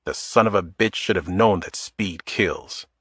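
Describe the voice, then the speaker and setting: A man narrating a thriller audiobook in a measured, steady way. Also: low-pitched, slightly rough, no echo, studio quality.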